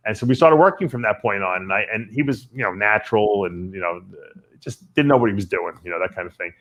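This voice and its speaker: A man hosting a casual talk radio show, telling rambling stories in an animated way. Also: fairly low pitch, fast talker, muffled recording. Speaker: podcast host.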